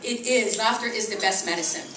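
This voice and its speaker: Middle-aged female comic, fairly high voice, roomy live sound from off-mic. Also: brisk, far from the mic. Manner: animated, acts out quoted voices with big pitch jumps. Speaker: stand-up comedian. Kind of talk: stand-up comedy. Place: small tea house open mic.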